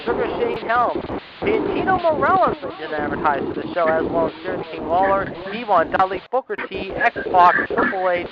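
A man hosting a wrestling radio talk show in an announcer style, and he keeps repeating "however" and "ladies and gentlemen". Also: high-pitched, very animated, a little fast. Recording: dull lo-fi audio with loud noise.

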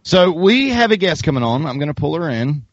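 A man's voice: fairly high pitch, fairly quick, no room sound. A man with a Southern accent hosting a podcast, joking around and telling stories in casual chat. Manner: joking, animated storyteller. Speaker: podcast host. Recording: dull lo-fi dry sound.

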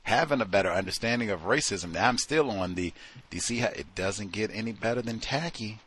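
A man with a somewhat low-pitched voice hosts a talk program and comments on stories in a loose, conversational style. He is emphatic and often incredulous. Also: brisk, a bit bright, breathy edge. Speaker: host. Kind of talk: casual commentary on listener stories.

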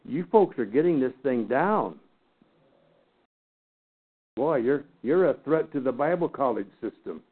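A man's voice: medium pitch, animated, unhurried, long pauses, slightly rough. A man teaching a Bible lesson to a class, folksy, with teasing asides and questions to the room. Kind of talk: lecture to a class. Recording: tinny phone-like sound.

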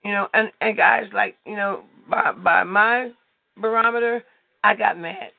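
A man with a high voice and a gravelly edge leads a prayer call, preaching loosely and rambling through endless filler phrases. He is heard over a thin, tinny phone line with a dry, close sound. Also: fairly even intonation, a little slow, no room sound. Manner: rambling, heavy with "you know what" fillers. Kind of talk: informal preaching on a conference call. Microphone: telephone.

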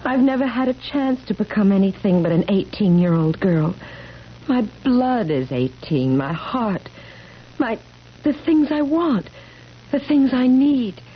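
A woman's voice: fairly high pitch, expressive, measured pace. An actress playing a woman cursed to stay eighteen forever, pleading and anguished, in a 1970s radio drama. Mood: sorrowful. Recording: dull old radio broadcast with faint hiss.

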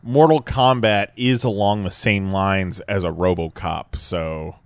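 A man co-hosting a podcast in casual chat, tossing in quick joking asides. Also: low-pitched, fairly even intonation, smooth, no room sound. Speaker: podcast co-host.

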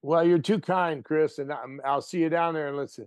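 A man guest on an interview show, chatting casually and telling stories with lively quoted voices. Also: fairly high pitch, normal speed, clear, resonant tone, no echo. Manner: animated storyteller, playful voices for quotes. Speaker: actor guest.

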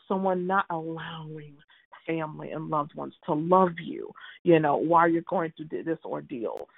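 The tinny, phone-like recording captures a podcast co-host with a fairly low voice and vocal fry, recorded dry. Chatting casually about a soap opera, she talks with emphasis and exasperation and often restarts her sentences.

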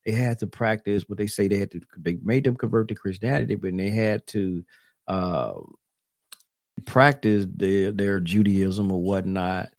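A man hosts talk radio in a low voice, lecturing his listeners like a street preacher. He calls them brothers and sisters and keeps circling back over his own words. The sound is dry and close. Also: steady tone, unhurried, no room sound. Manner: loose, repeats and restarts phrases.

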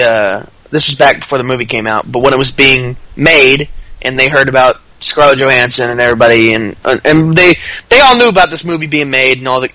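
A man's voice: medium pitch, sharp tone, dry recording, rough recording. A man co-hosting a podcast, telling stories in a rambling, laughing way with plenty of swearing. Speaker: podcast co-host. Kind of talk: casual podcast chat.

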